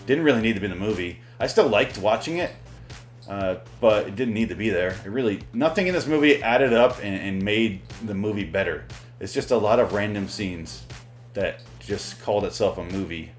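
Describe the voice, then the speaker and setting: A man's voice: on the low side, normal speed, faint music behind. A man hosting a podcast, rambling and swearing as he casually reviews a movie. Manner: rambling, profane, joking. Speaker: podcast host.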